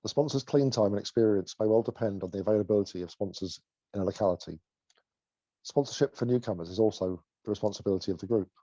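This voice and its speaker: A man reading a passage aloud, haltingly, repeating words at times. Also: fairly low pitch, mellow, no echo, dull audio.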